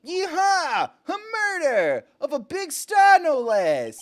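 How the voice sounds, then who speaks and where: A man's voice: high-pitched, sing-song, unhurried, fairly bright tone, voice pushed up, exaggerated voice. A man voicing a brash young female photojournalist with a Southern accent, reading game dialogue in a pushy, twangy way. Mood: excited.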